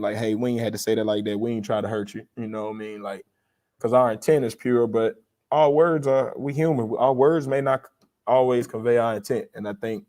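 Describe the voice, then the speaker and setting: An earnest male podcast host speaking at a middle pitch. He rambles and preaches a little, circling back to his point. His tone stays conversational throughout. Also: darkish tone. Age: adult with a young child. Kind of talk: live re-watch commentary.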